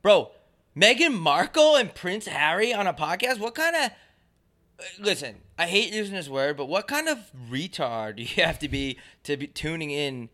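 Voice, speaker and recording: A man co-hosting a casual podcast, ranting loudly and swinging his voice up and down as he jokes. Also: normal speed. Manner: loud, animated ranting with big pitch jumps. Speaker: podcast co-host.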